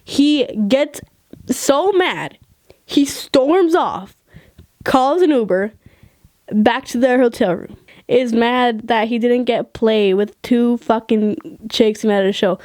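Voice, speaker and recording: A woman telling casual stories straight to camera, animated and swearing freely, laughing mid-sentence. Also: on the high side, measured pace, dry recording. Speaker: vlogger. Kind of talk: casual storytelling.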